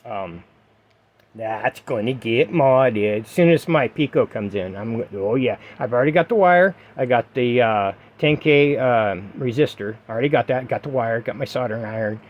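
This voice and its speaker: A man's voice: medium pitch, moderate pace, lo-fi sound. A middle-aged man giving casual vlog advice to his viewers, emphatic and repetitive, with lots of fillers. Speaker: gaming vlogger. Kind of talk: casual vlog talk to camera.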